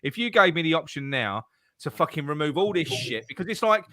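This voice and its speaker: A man's voice: a little high, sing-song, a little fast, pushed and bright. A man co-hosting a football podcast, ranting and swearing in casual chat, often restarting his sentences. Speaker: podcast co-host.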